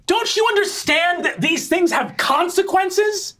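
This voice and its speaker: A game master voicing the eldest princess sister, who scolds and shouts at her younger brother in a very high voice. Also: unhurried, exaggerated voice. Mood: furious. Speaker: oldest sister Rococo.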